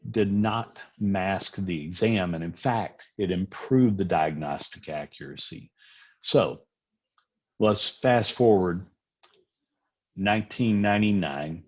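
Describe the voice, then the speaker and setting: A middle-aged man with a very low, slightly husky voice, teaching a room of medics in a relaxed lecture. He tells stories and plays out both sides of the conversations in them. The recording sounds dull and lo-fi. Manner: storytelling, acts out dialogue in anecdotes. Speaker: physician lecturer. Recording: dull lo-fi audio.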